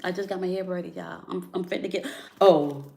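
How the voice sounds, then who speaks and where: A woman with a lowish voice tells a heartfelt personal story from her bedroom. She talks casually and circles back over her points, checking in with the listener again and again. She sounds like she is speaking straight to her followers. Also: steady tone, a little fast, gravelly, darkish tone. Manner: repetitive, conversational, frequent "okay?" and "right?" check-ins. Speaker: spiritual content creator.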